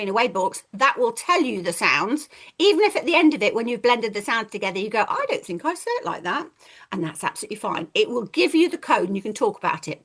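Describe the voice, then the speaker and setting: Woman, reading trainer, playful, fairly high voice. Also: a bit bright. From England. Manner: chatty, playful, acts out children's voices. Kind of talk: teacher training talk.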